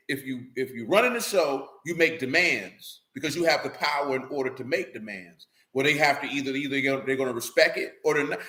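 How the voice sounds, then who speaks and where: A man with a high-set voice delivers a casual, streetwise sermon. He speaks bluntly and keeps asking whether his listeners follow. The room around him rings with echo. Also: bright, forceful tone. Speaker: preacher. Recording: roomy echo.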